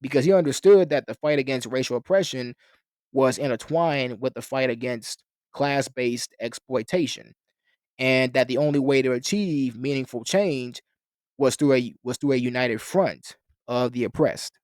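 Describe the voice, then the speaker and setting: A man's voice: medium pitch, moderate pace, a little mellow, dry recording. A man giving an explanatory history lecture, talking in long sentences with some restarts and fillers. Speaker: lecturer on a philosophy channel.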